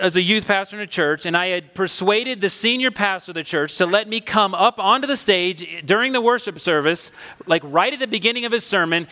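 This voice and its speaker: A man preaching a sermon, telling a personal story in a conversational, animated, emphatic way. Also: high-pitched, in a large hall. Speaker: pastor.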